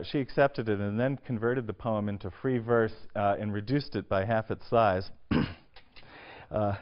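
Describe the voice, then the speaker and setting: A male lecturer speaking to a class in a hall, halting and full of filler sounds as he works through his points. His voice sits at a middling pitch. The recording is dull and lo-fi, as if taped from a lecture hall. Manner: hesitant, many filler sounds and restarts; clears throat often. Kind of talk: university lecture on poetry.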